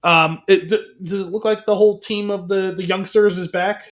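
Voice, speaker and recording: A man's voice: high-pitched, fairly even intonation, normal speed. A man co-hosting a film podcast in casual chat, rambling and hedging with frequent laughs. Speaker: podcast co-host.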